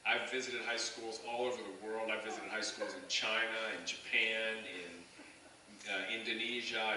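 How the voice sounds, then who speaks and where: A middle-aged man giving a heartfelt speech to students at a high school assembly, telling stories earnestly with many restarts. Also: bright, forceful tone, a little hiss or hum. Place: large school gym or auditorium. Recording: echoey hall from far off, crowd.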